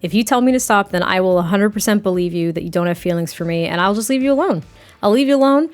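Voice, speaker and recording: A woman voicing a jealous, insistent young man in improvised game dialogue, a bit lower and slower than her own voice. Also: faint music behind, close to an everyday voice.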